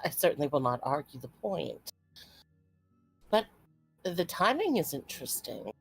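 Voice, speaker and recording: A woman's voice: sits low, very animated, creaky, husky, no echo, faint music behind, full character voice. A woman playing a reserved noble daughter. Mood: measured. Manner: formal, measured, dry.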